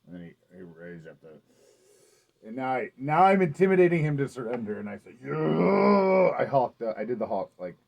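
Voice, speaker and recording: A man's voice: mid-range voice, sing-song, a little fast, a little mellow. A man playing a tabletop game, joking and laughing often as he talks. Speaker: player. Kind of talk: casual tabletop play.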